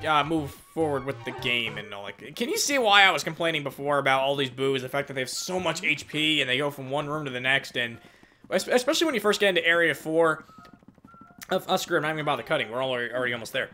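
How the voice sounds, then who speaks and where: Fast, bright-voiced gameplay commentator. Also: male voice, fairly high pitch. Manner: excitable, rambling, self-deprecating. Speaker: let's play host.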